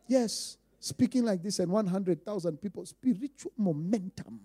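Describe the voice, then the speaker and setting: A Kenyan man preaching a sermon as pastor, emphatic, repeating lines and swinging between quiet asides and loud declarations. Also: very high voice, normal speed.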